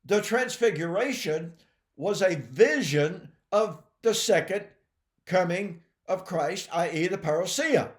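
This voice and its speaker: Emphatic preaching man, lively high voice. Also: slow, roomy sound. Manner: emphatic, addresses listeners as folks and ladies and gentlemen; frequent throat clearing. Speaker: Bible teacher. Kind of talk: preaching Bible teaching.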